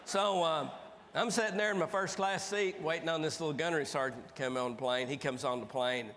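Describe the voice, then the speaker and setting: A man, telling funny stories as a keynote speaker in a folksy, animated way. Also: a little high, fairly quick, a faint crowd. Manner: folksy, animated, acts out dialogue. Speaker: motivational speaker. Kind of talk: humorous keynote storytelling. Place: large conference hall with audience. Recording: reverberant hall, faint background noise.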